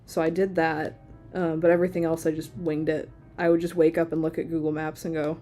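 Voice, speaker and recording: A woman's voice: low voice, level tone, a little fast, mellow, soft background music. A woman in her thirties, chatting casually while she draws during a live stream. She rambles and uses a lot of filler words. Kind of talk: casual chat while drawing.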